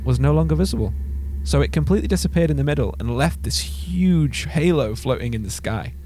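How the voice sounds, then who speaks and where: A man's voice: a little high, animated, fairly quick, dark tone, a little hiss or hum. A man hosting a podcast, telling a story in casual chat, laughing often and restarting words. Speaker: podcast host.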